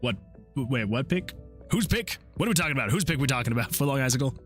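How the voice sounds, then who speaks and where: A man's voice: mid-range voice, expressive, quick pace, fairly bright tone, soft background music. A man, an indie game developer, chatting casually on a livestream into a desk microphone, reading chat messages aloud and chuckling often. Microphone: desktop USB microphone.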